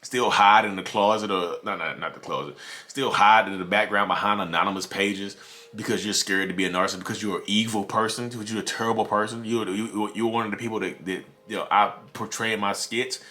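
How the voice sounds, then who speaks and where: A man's voice: fairly low pitch, sharp tone. A man hosting a podcast, delivering a heated, repetitive rant straight at his listeners. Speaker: podcast host. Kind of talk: ranting monologue.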